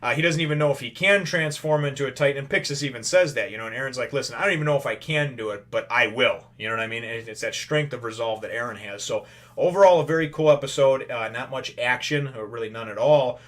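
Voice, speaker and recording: The man talks fast in a mid-range, fairly bright voice. As host of his own channel, he offers a loose, rambling spoken review of an anime episode, frequently tossing out "you know" and "right?" and calling those watching brothers and sisters.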